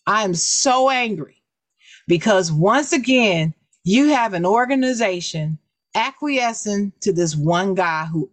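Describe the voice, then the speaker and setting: A woman's voice: mid-range voice, no room sound. Fired-up woman ranting as podcast co-host. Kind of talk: opinionated podcast talk.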